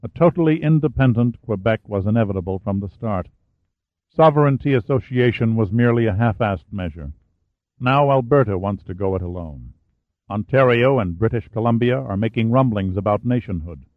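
Grave old premier, calm measured delivery, low voice, thin phone-like sound, man narrating. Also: dry recording, lightly acted. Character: grave elderly male French-Canadian prime minister. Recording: phone-like narrow band, dry.

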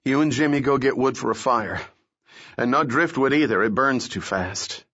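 A man's voice: medium pitch, normal speed, fairly bright tone, voice pushed up. A man voicing a teenage boy, the eldest brother, who gives orders to his siblings in a storybook reading. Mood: commanding. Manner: bossy, giving orders. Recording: dull lo-fi recording.

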